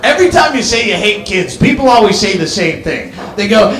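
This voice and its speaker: High-voiced ranting stand-up comedian. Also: male voice, sing-song, a little fast, a bit bright, reverberant. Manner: ranting, sardonic, swears freely.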